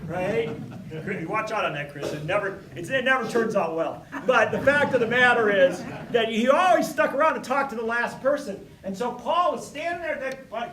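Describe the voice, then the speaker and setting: A man giving an impassioned speech, moving between hushed storytelling and loud rallying cries. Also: extremely high pitch. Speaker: keynote speaker. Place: large hall with audience. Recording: echoey hall from far off, crowd and noise.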